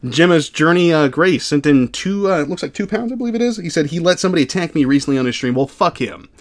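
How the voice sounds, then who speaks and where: Young male streamer, slightly high voice, reads donations aloud, casual and blunt, swears freely. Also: expressive, fast. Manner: blunt, profane, laid-back reading. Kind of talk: casual livestream chat.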